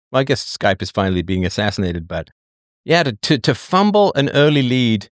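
A middle-aged man hosting a live chat show, talking casually with wry jokes and drawn-out emphasis. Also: medium pitch, no room sound, studio quality. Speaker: podcast host.

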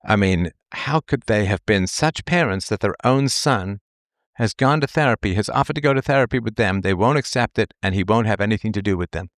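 Male commentator, low voice, rambling and repetitive, dry close sound. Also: a little fast, dry recording. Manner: dismissive asides. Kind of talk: opinion monologue.

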